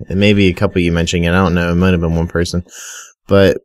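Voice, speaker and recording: A man's voice: low-pitched, little pitch movement, rapid-fire. A young man giving casual, rambling Minecraft commentary, often stuttering and talking straight to his viewers. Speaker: gaming video creator.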